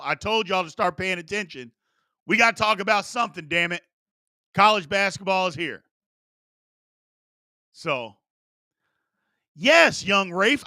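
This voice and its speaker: On a live sports talk show, the host, in his forties, chats in an animated, casual way and reads out questions from viewers. He speaks with a high voice at a measured pace, pausing often, in clean studio sound with no room sound.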